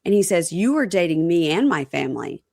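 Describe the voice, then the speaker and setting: Co-host, woman, lower register, lively storyteller who mimics the people she quotes. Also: brisk, creaky, dry recording, studio quality. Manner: animated retelling, acting out quotes. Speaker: podcast co-host recapping reality TV. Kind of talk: casual chat.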